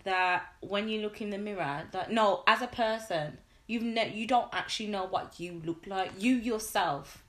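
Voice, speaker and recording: Young female podcast co-host; animated, emphatic, laughs freely. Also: mid-range voice, moderate pace, hardly any pauses. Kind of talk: casual chat.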